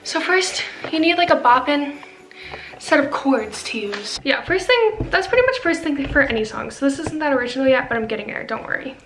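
Bubbly high-voiced young woman vlogger. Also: lively intonation, a little fast, echoey room, music in the background, rough recording. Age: young adult. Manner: bubbly, self-mocking, rambling with lots of "like". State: sleepless late at night. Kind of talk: casual vlog chat. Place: bedroom, then a room with a piano.

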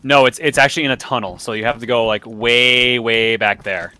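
A man giving casual, jokey commentary while playing a co-op game, quick to laugh. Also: mid-range voice, steady tone, bright, forceful tone, smooth. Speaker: co-op gamer.

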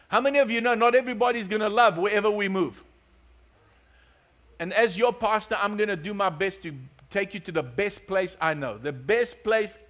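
A male pastor with a notably high voice delivers a sermon. He tells stories and jokes with his congregation. His delivery stays lively and conversational. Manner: storytelling, joking, lively.

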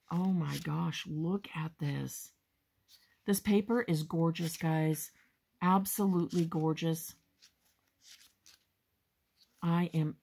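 A woman hosting a crafting haul video, chatting casually and gushing with excitement, often calling her viewers "guys". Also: lowish voice, vocal fry. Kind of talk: casual show-and-tell haul chat.

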